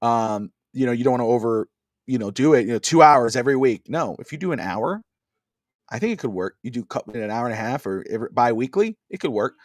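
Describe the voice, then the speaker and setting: A man's voice: medium pitch, lively intonation, quick pace, dry recording. Rambling man on a dry video call. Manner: rambling, with many fillers and restarts. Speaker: podcast co-host. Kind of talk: casual wrestling talk over a video call.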